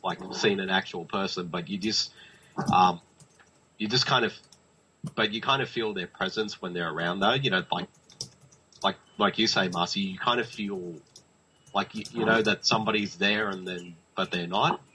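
A man's voice: low-pitched, normal speed, pushed and bright, slight background noise, poor audio. A young man co-hosting a podcast, chatting casually and rambling with many fillers. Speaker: podcast co-host. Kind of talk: casual chat.

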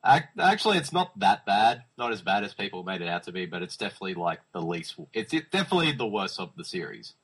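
Casting: Australian male podcast host, low husky voice, lively pitch, jokey. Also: quick pace, hardly any pauses, low-quality recording. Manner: laughing, joking, introduces guests. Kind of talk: casual chat.

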